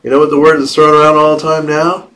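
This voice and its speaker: A man giving a Buddhist dharma talk in a slow, reflective way, with playful asides. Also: fairly high pitch, monotone, fairly bright tone. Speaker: Buddhist teacher.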